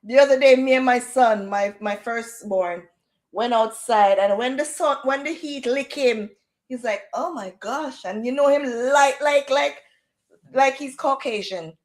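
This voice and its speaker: Middle-aged lady chatting on a livestream, kinda high voice, echoey room. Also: unhurried. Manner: chatty, animated, switches into patois. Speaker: livestream host. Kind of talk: casual chat.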